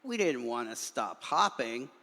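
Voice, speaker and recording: A male minister reading a children's story aloud in a church, doing animated voices for the characters. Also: mid-range voice, a little slow. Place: church sanctuary. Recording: long reverb of a large hall.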